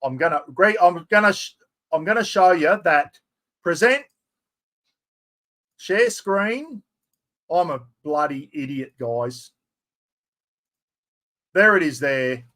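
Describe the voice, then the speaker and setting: A man in his fifties with an Australian accent, excitedly hosting a chatty live stream giveaway and poking fun at himself. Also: on the high side, slow pace, pauses often. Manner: excitable, chatty, self-mocking.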